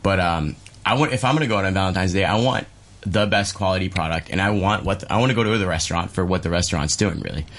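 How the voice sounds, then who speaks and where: Deep-voiced easygoing man chatting. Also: fast, a bit bright. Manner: rambling, easygoing, many fillers. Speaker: chef and restaurateur guest. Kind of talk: casual radio chat.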